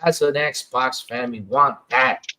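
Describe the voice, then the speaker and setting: A man hosting a casual gaming livestream, talking in an animated, emphatic way and repeating his phrases for effect. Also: mid-range voice, takes it slowly. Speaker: gaming show host. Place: lives in the Dominican Republic.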